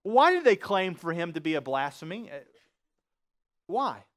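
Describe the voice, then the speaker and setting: Male preacher, high voice, sermon delivery, asks the room and answers himself. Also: big pitch swings, moderate pace. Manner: asks the congregation rhetorical questions.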